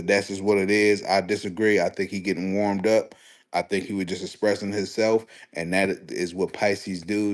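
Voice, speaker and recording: A young man hosting a casual live stream, talking sports in a slangy, animated way and answering his chat. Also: fairly low pitch. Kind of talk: casual livestream sports commentary.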